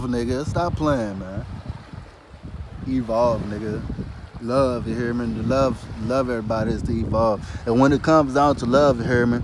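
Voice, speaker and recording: A man with a mid-range voice speaks at a moderate pace over background noise. In a loose, casual monologue about spirituality, he swears freely and tacks "you hear me" onto nearly every phrase.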